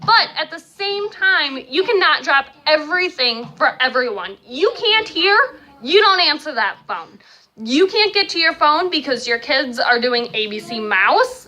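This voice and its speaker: A young mother vlogging tips to her viewers, her voice high and bright. She swings up and down in pitch as she talks, earnest and emphatic, saying key lines twice for weight. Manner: earnest, emphatic, repeats points for stress. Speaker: vlogger and stay-at-home mom of five. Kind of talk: casual advice vlog to camera.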